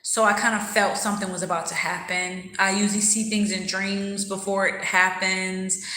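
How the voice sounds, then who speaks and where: Bright-voiced woman chatting on a livestream. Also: mid-range voice, little pitch movement, moderate pace, roomy sound, slight background noise, low-quality recording. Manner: candid, reflective, laughing, answers viewers' comments. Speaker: livestream host. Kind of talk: casual livestream chat while eating.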